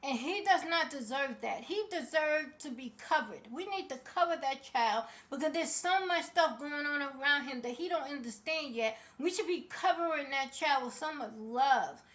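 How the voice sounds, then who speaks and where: High-pitched female vlogger, heated celebrity commentary, sassy and outspoken. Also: expressive, normal speed, hardly any pauses, a bit bright. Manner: passionate, sassy, speaks straight to people.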